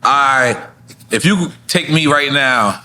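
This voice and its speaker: A man from New York City with a New York accent, hosting a casual chat in a loud, profane way and laughing often. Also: medium pitch, lively intonation, slow pace, a little hiss or hum. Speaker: podcast host. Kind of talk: loose casual chat over drinks.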